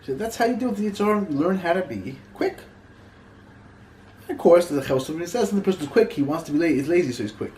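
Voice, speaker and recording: A man giving an informal Torah class, talking in halting bursts that repeat and restart his phrases. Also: sits high, expressive, darkish tone, roomy sound, a little hiss or hum, low-quality recording. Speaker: Torah teacher.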